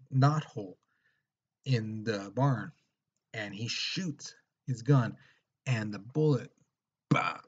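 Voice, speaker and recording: Man, history teacher, casual lecture, husky voice, muffled lo-fi sound. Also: medium pitch, a little mellow. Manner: retells events with acted quotes and frequent "okay?". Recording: dull lo-fi recording.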